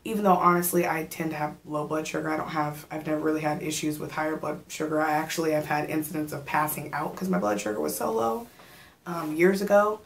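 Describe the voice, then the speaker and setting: A pregnant woman in her thirties, a vlogger with a deep voice who talks fast, chats casually on camera. She tells stories with animated quoted asides and sometimes runs out of breath.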